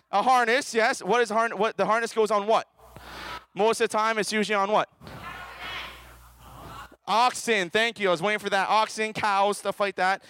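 A man with a high, smooth voice preaches a lively, joking sermon as a children's minister, constantly prompting listeners to answer aloud. The sound is close and dry, with no room echo. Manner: playful, calls out for audience participation.

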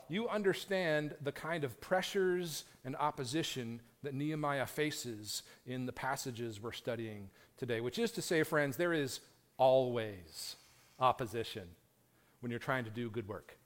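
Preaching man with a higher voice, wry. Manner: wry, self-deprecating humor with repeated build-up phrases. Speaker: pastor. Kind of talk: sermon. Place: church sanctuary.

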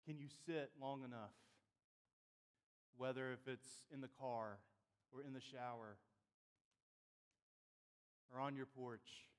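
A middle-aged man preaching a sermon as a pastor, swinging between loud emphatic lines and quiet, intimate questions to the congregation. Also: mid-range voice, steady tone, takes it slowly, pauses often, long reverb tail.

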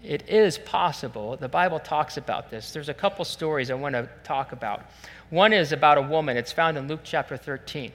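A man preaching a sermon as pastor, animated and acting out the voices he quotes. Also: a little high, a little fast. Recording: long church hall reverb.

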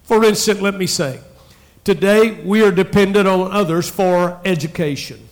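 A male pastor preaching a sermon in a church, emphatic with dramatic pauses. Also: high-pitched. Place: church sanctuary.

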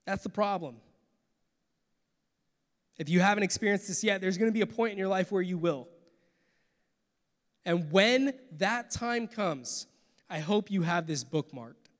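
Man preaching from the pulpit, earnest, dropping quiet then pushing loud; sits high in pitch, big reverberant church hall. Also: unhurried, long pauses. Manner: earnest, swings from soft to forceful. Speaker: pastor. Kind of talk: sermon.

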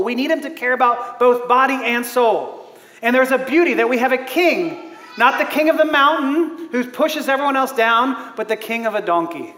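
A man with a very high voice preaches a lively sermon, laughing often and acting out the people he quotes. His voice carries through a church hall with a long, roomy reverb. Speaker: pastor. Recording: echoey hall.

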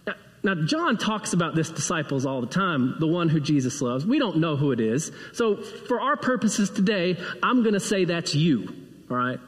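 A pastor preaching a sermon, retelling a gospel story and acting out the voices of its figures. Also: male voice, on the high side, very animated, normal speed. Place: church sanctuary. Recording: long hall reverb.

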